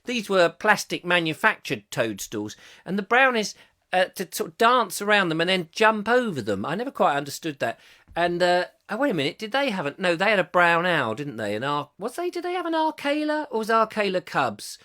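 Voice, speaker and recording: A man's voice: sits high, very animated, moderate pace, bright, forceful tone. A middle-aged man hosting a comic live chat show, reading viewer comments aloud and rambling jokily between them. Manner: jokey and rambling, puts on silly voices.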